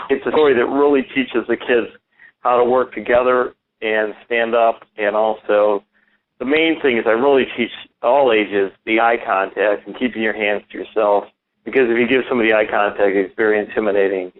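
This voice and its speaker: A man's voice: on the low side, steady tone, fairly quick. A man who is a ventriloquist and school speaker, talking enthusiastically as a radio guest, rambling with many restarts. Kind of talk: casual radio interview. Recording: tinny phone-line sound.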